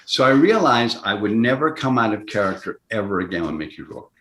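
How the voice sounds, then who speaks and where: An older man tells a long story as an interview guest. His voice sits lowish, and he stops and restarts often. He jumps up in pitch to act out the people he quotes, and the room around him is echoey. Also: very animated. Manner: acts out quoted voices, jumping higher and louder; halting, with many restarts. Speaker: actor guest. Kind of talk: anecdotal storytelling. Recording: roomy echo.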